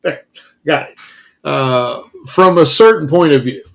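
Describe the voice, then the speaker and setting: A man from Kentucky hosts a casual news podcast alongside a friend. He talks loudly and laughs often, tripping over and restarting his sentences. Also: a little high, unhurried, creaky. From Kentucky, USA. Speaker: podcast co-host. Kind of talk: casual chat.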